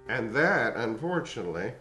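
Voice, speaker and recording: A man in his sixties, a voice teacher explaining and demonstrating vocal warm-ups in a measured, explanatory way. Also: medium pitch, big pitch swings, reverberant, music in the background. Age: 60s. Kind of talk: singing lesson demonstration.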